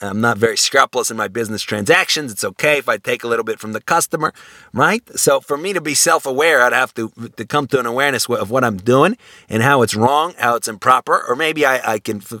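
A man's voice: medium pitch, quick pace, bright, forceful tone, no echo, clean studio sound. A man giving a lecture, thinking aloud with frequent restarts, rhetorical questions and wry everyday examples. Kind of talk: university lecture.

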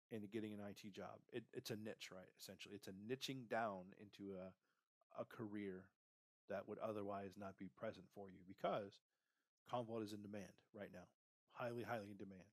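On a motivational career podcast with clean studio sound and no echo, the host speaks in a voice on the low side. He coaches and guides the listener in pep-talk fashion, regularly ending lines with "right?" and "okay?".

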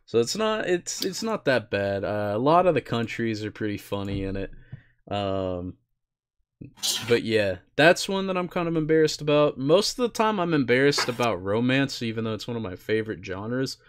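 A man's voice: mid-range voice, very animated, normal speed, clean tone. A young man co-hosting an anime chat, talking casually and rambling with fillers and the odd swear word. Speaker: podcast co-host.

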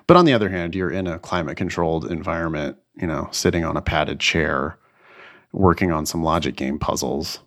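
A young man with a very low voice chats easily on a podcast. He talks in a relaxed, thoughtful way and laughs often as he goes. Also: vocal fry. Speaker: podcast co-host, LSAT tutor. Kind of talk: casual chat.

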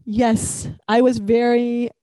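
Mellow-voiced woman in casual chat. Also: a little high, level tone, slow pace, no echo. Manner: earnest, thoughtful agreement. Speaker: podcast co-host.

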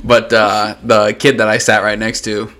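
A man in casual podcast chat, tossing in quick wisecracks and chuckling as he tells his own story. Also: lowish voice, monotone, a bit bright.

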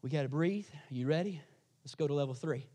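A man preaching a sermon as pastor, energetic and dramatic, swinging between loud emphasis and hushed asides. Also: on the high side, quick pace.

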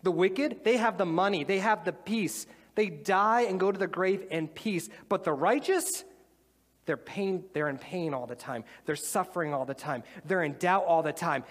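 A man's voice: high-pitched, normal speed, long reverb tail. A man voicing the biblical Job, an innocent man protesting his suffering, with an indignant, pleading manner, in a live sermon.

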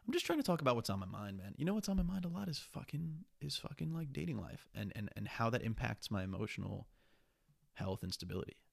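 Gravelly and fast-talking, this young podcast host has a medium pitch with big swings in intonation. The clean studio sound has no echo as he delivers a restless, casual solo monologue packed with swearing and a slight sniffle.

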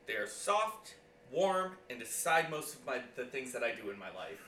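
A man co-hosting a casual podcast, excitable and profane, often laughing. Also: medium pitch, a little fast, roomy sound, a little hiss or hum. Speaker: podcast co-host. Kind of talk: casual chat.

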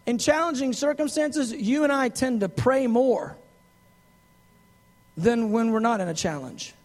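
A man preaching a sermon in an animated, conversational way, with frequent asides and acted quotes. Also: very high-pitched, unhurried.

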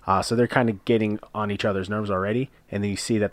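A man's voice: fairly low pitch, fairly even intonation, fast, no echo. A man casually recapping a TV episode, retelling scenes step by step with frequent uhs. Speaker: podcast co-host recapping a TV episode. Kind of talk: casual chat.

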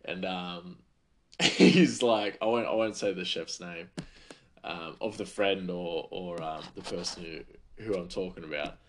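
A man's voice: sits low, a little slow. A man hosting a podcast, telling stories in a chatty, rambling way full of fillers. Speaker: podcast host. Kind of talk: casual storytelling.

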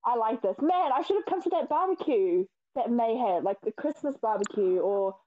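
A woman's voice: on the high side, animated, moderate pace, no echo, narrow, tinny audio. A woman from New Zealand, a guest on a dating game, chatting casually and laughing often. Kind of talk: casual chat.

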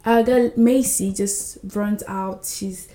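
A woman hosting a book podcast, retelling scenes with lively character voices in casual chat. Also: mid-range voice, takes it slowly, roomy sound.

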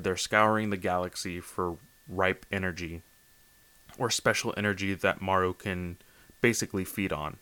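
A man's voice: sits low, fairly bright tone, clear, resonant tone, dry recording. A man hosting a casual solo manga review podcast late at night, tired and slightly slurring, rambling with lots of fillers and restarts. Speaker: podcast host.

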